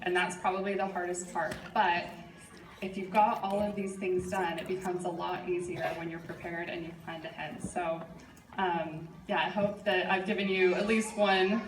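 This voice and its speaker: A woman's voice: on the low side, flat delivery, normal speed, far from the mic. A middle-aged woman giving a live workshop presentation as a sales trainer, chatty and encouraging with frequent fillers. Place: presentation room. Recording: echoey room from afar, audible noise.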